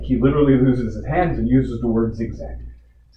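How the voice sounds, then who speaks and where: A man's voice: medium pitch, fairly quick. A man telling a board his complaint at a community meeting, indignant and full of rhetorical questions. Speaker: resident addressing a community board. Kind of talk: public comment at a meeting. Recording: echoey room, distant mic, dull sound, faint hiss.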